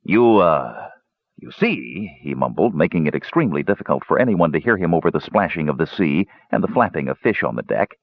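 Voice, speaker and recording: A man reading a fantasy audiobook aloud in an expressive storytelling manner. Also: very deep voice, quick pace, few pauses, no echo, highs cut off. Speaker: audiobook narrator. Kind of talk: audiobook narration.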